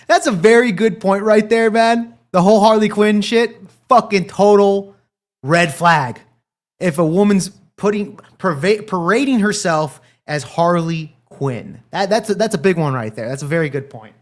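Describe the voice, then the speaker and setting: A man's voice: high voice, expressive, normal speed. A man hosting a stream, reacting to clips in rambling, profane casual commentary. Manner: profane, rambling, laughs often. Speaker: stream host.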